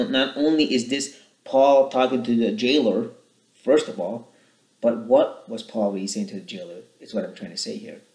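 An earnest man teaching on a Bible verse, speaking at an ordinary pitch. His voice rings a little in an echoey room. He explains the passage in a steady way and asks pointed questions about it. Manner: earnest, rises in pitch and volume when reading scripture aloud. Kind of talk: short Bible teaching talk.

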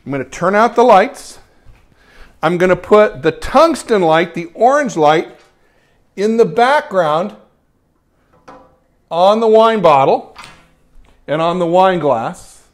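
A man's voice: high-pitched, expressive, slow pace, pauses often. A man hosting a live photography stream, chatting cheerfully while he works through a demo and praising each shot. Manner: upbeat and chatty, lots of praise words.

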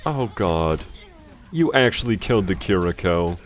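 A man's voice: deep voice, expressive, unhurried. A young man casually commenting on someone else's gameplay, exasperated, swearing and laughing often.

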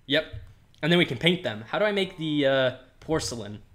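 A man's voice: a little high, animated, a little fast, fairly bright tone. A man casually commenting while playing a building game, rambling, laughing often and talking to the animals on screen. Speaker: Minecraft let's player.

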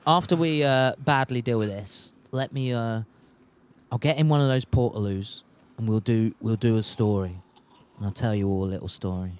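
A man's voice: medium pitch, moderate pace, a little mellow. A man streaming a survival game, chatting casually, joking, swearing and trying out put-on accents. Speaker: gaming streamer. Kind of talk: casual gameplay commentary.

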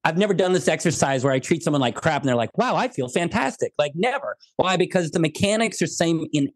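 An American man in a remote interview, his fairly high voice swinging through jokey stories and acted-out quotes. The sound is close and dry, with almost no room around it. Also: fast talker, dry recording. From United States. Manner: animated, jokey storytelling with quoted asides. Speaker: guest. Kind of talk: podcast interview.

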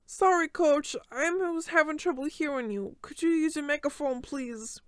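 A cheeky, wisecracking teenage boy, put on by a woman reading a story, pitched noticeably higher than her reading voice. The delivery is dry and close to the mic. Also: moderate pace, dry recording, close to an everyday voice. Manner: cheeky, joking. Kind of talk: acted dialogue in a read-aloud story.

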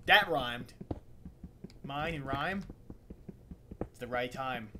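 A man's voice: medium pitch, animated, slow, pushed and bright, slight background noise. A young American man, goofy and rambling, doing gameplay commentary for his channel and tossing off silly rhymes. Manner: goofy, rambling, rhyming asides. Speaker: gaming channel host. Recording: game music underneath. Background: background game music.

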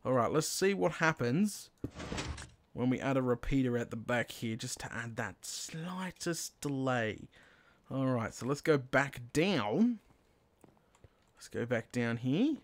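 A man narrating his own Minecraft play, talking himself through each step and bursting into excited shouts when things work. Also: mid-range voice, takes it slowly. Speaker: gaming channel host. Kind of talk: Minecraft let's play commentary.

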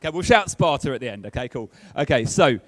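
A man's voice: mid-range voice, animated, quick pace, no echo. A man preaching a chatty, playful sermon and keeping in touch with his congregation. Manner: chatty and playful, keeps checking in with the audience.

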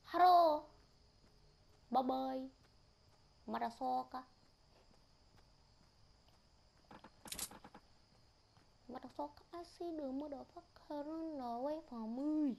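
A woman putting on a loud, sing-song voice for a brash gamer who swears nonstop. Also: on the high side, normal speed, gravelly, long pauses, husky.

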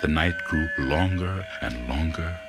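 A man narrating a folk tale with a deep, expressive, dramatic delivery. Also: measured pace. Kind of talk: storybook narration. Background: music.

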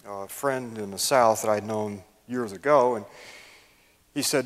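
A man's voice: lowish voice, unhurried. An older man giving a public lecture, telling folksy, self-deprecating stories with frequent ums and uhs. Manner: folksy, self-deprecating storyteller with many fillers. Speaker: guest lecturer. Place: lecture hall. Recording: long hall reverb.

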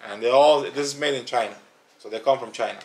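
A man giving a casual product review on a family channel, talking in an emphatic, animated way and repeating words for stress. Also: mid-range voice, fast talker, a little hiss or hum.

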